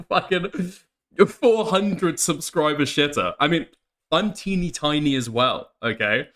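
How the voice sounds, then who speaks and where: A man's voice: a little high, expressive, measured pace, bright, forceful tone. A man hosting a commentary channel, talking casually over clips and mocking them, laughing often.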